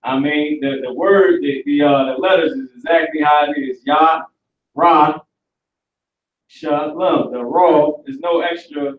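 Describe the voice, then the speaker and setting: A man's voice: fairly high pitch, normal speed, few pauses, narrow, tinny audio. A man teaching a live online class in a casual, slangy lecturing manner. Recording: echoey and distant from the mic.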